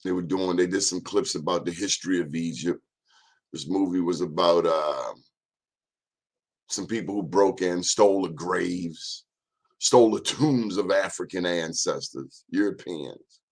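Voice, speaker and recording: A man hosting a casual live-stream monologue, chatting and speaking straight to his viewers. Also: low voice. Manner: chatty, addresses viewers directly, drawn-out phrases. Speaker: host.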